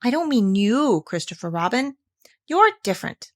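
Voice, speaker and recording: Storybook role: a gloomy, complaining old male donkey, read aloud by a woman with a pitch that swings up and down. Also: sing-song, normal speed, dry recording, studio quality. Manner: mopey, grumbling complaint.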